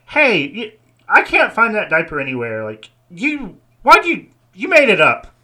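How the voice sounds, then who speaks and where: A man voicing a flustered pimpled young male janitor in a tabletop game, squeaky and indignant. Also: wildly swooping pitch, unhurried, bright, forceful tone, full character voice. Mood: accusing.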